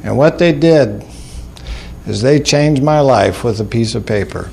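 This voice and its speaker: A man's voice: medium pitch, lively intonation, a little slow, gravelly, a little mellow, slight background noise. A man telling folksy, humorous stories to an audience, mocking himself with a dry wit. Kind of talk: storytelling talk to an audience.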